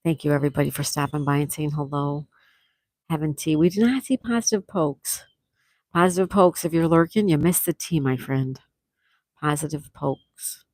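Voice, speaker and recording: A woman's voice: sits low, fairly quick, a little mellow, no echo, clean studio sound. A woman hosting a casual livestream, chatting and reading out viewer comments, laughing often. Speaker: livestream host.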